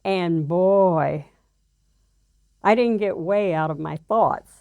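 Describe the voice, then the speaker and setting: An older woman with a low, gravelly voice tells her story in an interview. Her telling is halting, with many fillers and restarts. The recording is close and dry. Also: no echo, narrow, tinny audio.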